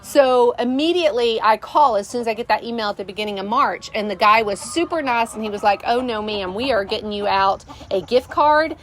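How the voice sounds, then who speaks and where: Exasperated woman, rather high voice. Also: brisk, hardly any pauses. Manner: exasperated, rambling, many fillers. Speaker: vlogger, channel host. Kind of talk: casual storytelling to camera. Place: rural homestead, outdoors.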